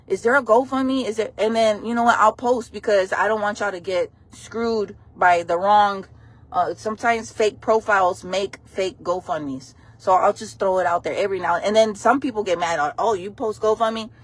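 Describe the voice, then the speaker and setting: A woman's voice: mid-range voice, normal speed. A sassy, blunt woman, hosting a casual gossip news live stream and calling her viewers "friends" and "baby.".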